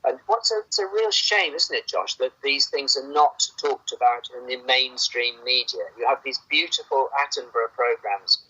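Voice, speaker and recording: A man's voice: medium pitch, very animated, normal speed, few pauses, sharp tone, breathy edge, muffled recording. A man speaking as a doctor guest, earnest and hesitant, often repeating words. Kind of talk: casual conversation.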